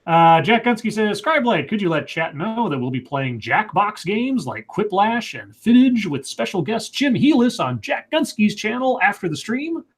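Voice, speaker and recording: A man's voice: high-pitched, big pitch swings, normal speed, few pauses, breathy edge. Stammering man reading viewer questions. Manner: hesitant, stammering restarts. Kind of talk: casual live-stream chat.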